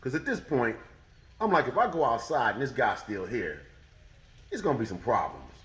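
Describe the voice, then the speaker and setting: Animated man telling a story, echoey room. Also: medium pitch, normal speed. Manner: animated, acts out the other people's voices. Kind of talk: casual storytelling.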